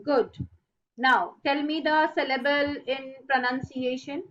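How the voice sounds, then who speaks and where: A woman teaching an online class, repeating rules slowly and stressing key words. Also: high voice, fairly even intonation, a bit bright, highs cut off. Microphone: online video call.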